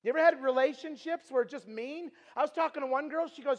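A middle-aged man with a very high voice preaches in an earnest storytelling sermon. He repeats his points and swings between loud urging and a hushed tone. The long reverb of a large hall trails his words. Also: quick pace, few pauses. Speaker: youth speaker.

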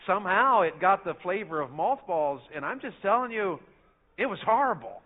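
A middle-aged man, preaching a sermon in a folksy storytelling way that swings between loud and soft. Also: high-pitched, lively intonation, moderate pace. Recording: phone-like narrow sound.

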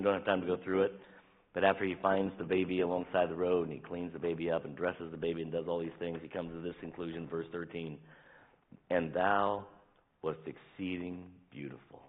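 A deep-voiced man delivers a sermon with a husky grain, swinging from loud emphatic bursts to hushed, almost whispered asides. He tells stories like a fatherly preacher, and the recording sounds thin and tinny, as if heard over a phone line. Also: steady tone, quick pace. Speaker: pastor.

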